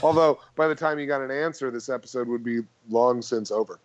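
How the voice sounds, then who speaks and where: A man's voice: mid-range voice, a little fast. A man who jokes wryly as a podcast guest. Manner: joking, wry, playful. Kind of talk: casual chat. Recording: dull lo-fi sound.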